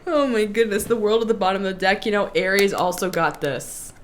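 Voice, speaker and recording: A woman's voice: mid-range voice, brisk, slight background noise. Chatty, giggly woman tarot reader. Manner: chatty and giggly, lively emphasis. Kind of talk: casual tarot reading to camera.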